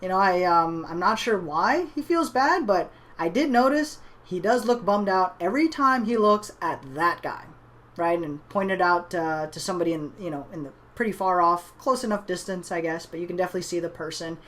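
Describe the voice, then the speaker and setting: A woman's voice: fairly low pitch, moderate pace, a bit bright. Woman telling a motivational story. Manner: conversational, many "you know" and "right?" tags. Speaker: online business trainer.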